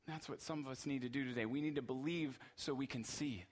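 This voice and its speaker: A man's voice: mid-range voice, brisk. A man preaching a sermon as pastor, earnest and emphatic, repeating phrases for rhythm.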